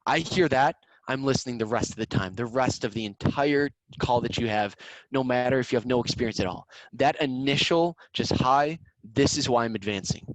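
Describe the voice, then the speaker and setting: A man's voice: mid-range voice, brisk, no room sound, rough recording. Upbeat young man coaching over a video call. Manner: upbeat, repeats words while talking. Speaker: student sales competition coach. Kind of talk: casual coaching talk.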